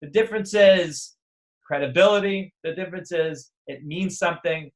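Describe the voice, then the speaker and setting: A man's voice: high-pitched, normal speed. A middle-aged man teaching an online class in a chatty, digressive lecture style. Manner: chatty, digressive, acts out voices of others. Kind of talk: casual lecture.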